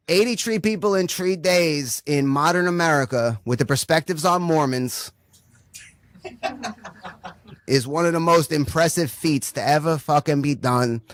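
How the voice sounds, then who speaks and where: This young comedian's stand-up is a rambling, expletive-heavy set where he keeps tossing out "right?" to the crowd. He speaks on the high side with lively intonation and a fairly bright tone, a little slowly and with long pauses.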